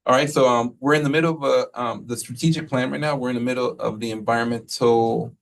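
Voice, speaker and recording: A man who leads a school, giving a relaxed, rambling report to the board, full of fillers and quoted asides. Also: medium pitch, quick pace, gravelly, distant mic, poor audio. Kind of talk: casual spoken report at a meeting.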